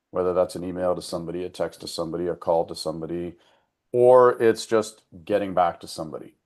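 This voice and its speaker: A man giving a casual, earnest talk to a business group, often slowing down to stress a point. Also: low voice, a little mellow. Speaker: member giving an education segment.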